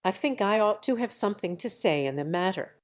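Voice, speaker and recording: A woman's voice: mid-range voice, lively intonation, a little fast, natural voice. A woman voicing a proud young woman who speaks in a composed, coolly businesslike way.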